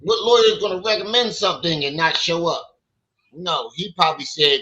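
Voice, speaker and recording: A man's voice: a little high, expressive, a little fast, pushed and bright, muffled recording. A man hosting a livestream, telling profane stories in casual chat and acting out what other people said. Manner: profane, storytelling, acts out quotes. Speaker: livestream host.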